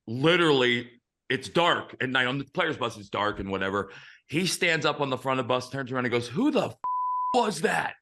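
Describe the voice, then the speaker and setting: Male host, 50s, ex-pitcher; bright, forceful tone; blunt, profane anecdotal storyteller. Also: animated, brisk. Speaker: host, former big-league pitcher. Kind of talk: casual storytelling chat.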